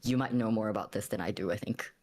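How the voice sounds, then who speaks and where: A man voicing a gruff warrior who is wise but not smart, speaking slowly and drily. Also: lowish voice, darkish tone, pitched below the performer's own voice, natural voice. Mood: dry.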